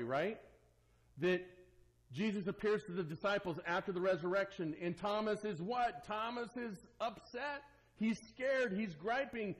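A male pastor with a fairly high voice delivers a sermon to his church. He swings from ringing, emphatic lines down to soft, hushed asides, with an earnest, lively delivery. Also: poor audio.

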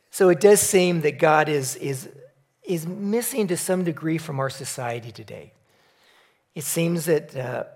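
A man giving a sermon in a relaxed storytelling manner, opening with a joke before turning earnest and reflective. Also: on the high side. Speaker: preacher.

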